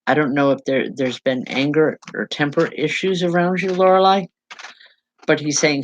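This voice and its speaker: A woman medium giving a live spiritual reading to viewers, speaking in halting, repeated phrases with soft reassurance. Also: very deep voice, expressive, dry recording, lo-fi sound. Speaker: psychic medium.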